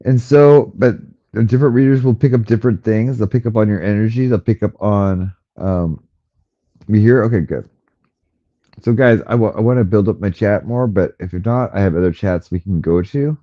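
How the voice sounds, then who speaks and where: Rambling man on a muffled headset mic. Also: normal speed. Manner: rambling, chatty, coos at his cat in a high baby voice. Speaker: livestream host. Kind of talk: casual livestream chat. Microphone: headphone mic, a bit muffled.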